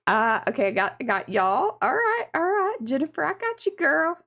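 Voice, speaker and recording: A woman's voice: high-pitched, sing-song, moderate pace, a bit bright. A woman hosting an art livestream, chatting casually and greeting viewers by name. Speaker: livestream art show host.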